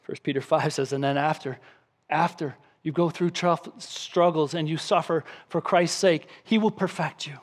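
A man with a high-pitched voice preaches to his congregation. He reads scripture aloud and drives his points home with emphatic repetition. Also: moderate pace. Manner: emphatic preaching, acts out a crying baby with shouts. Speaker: pastor. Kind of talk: sermon.

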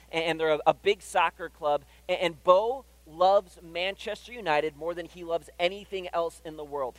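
Chatty pastor with a higher voice. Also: male voice, no echo, rough recording. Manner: conversational, keeps checking in with "right?". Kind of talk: sermon. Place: church hall.

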